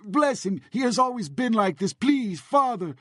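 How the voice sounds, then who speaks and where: An actor playing a desperate Greek man who shouts pleas for a blessing in broken, heavily accented English. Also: very high-pitched, expressive, moderate pace, no room sound, clean studio sound, voice pushed up. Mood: desperate pleading.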